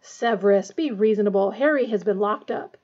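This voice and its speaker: A woman's voice: mid-range voice, fairly quick, darkish tone, dull audio, natural voice. A woman voicing a flustered, pompous male minister who blusters and frets. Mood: blustering. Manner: blustering, puffing.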